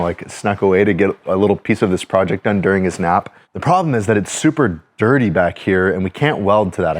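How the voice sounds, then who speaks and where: A man in his thirties hosting a casual project vlog, chatty and excitable as he thinks out loud while working on a boat. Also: on the low side, slight background noise. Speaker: DIY boat restorer and channel host.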